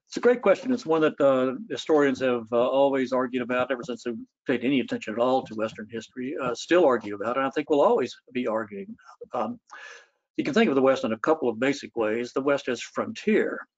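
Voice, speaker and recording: Male historian guest, mid pitch, thoughtful storytelling delivery with fillers, lo-fi sound. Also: fast. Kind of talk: public talk.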